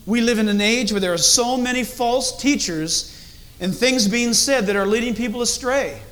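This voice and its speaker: A middle-aged man preaching a sermon as a pastor, animated and acting out different tones of voice as he speaks. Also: very high-pitched, moderate pace.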